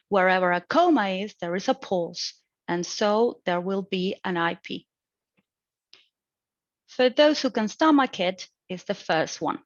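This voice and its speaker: A young adult woman student explaining her recorded exam answer, with slow, deliberate phrasing, hesitant restarts and grammar slips. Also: medium pitch, no room sound. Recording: dry, dull lo-fi home recording.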